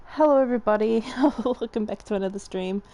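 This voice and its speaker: A woman's voice: medium pitch, a little fast, warm tone, slight background noise. A young woman streaming a game, chatting casually, giggling and swearing freely. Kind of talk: casual live-stream chat.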